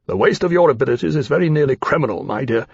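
A grave, formal captain, as an audiobook narrator plays him, measured and dry in his speech. The husky voice sits on a dry, slightly dull recording. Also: on the high side, expressive, darkish tone, dry recording, full character voice. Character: grave male naval-minded aviator captain, dry and measured.

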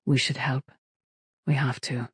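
A man's voice: mid-range voice, fairly quick, warm tone, breathy edge, dry recording, natural voice. A man voicing an earnest, emotional woman arguing a moral point in an audiobook. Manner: earnest, pleading. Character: earnest, emotional female crew member.

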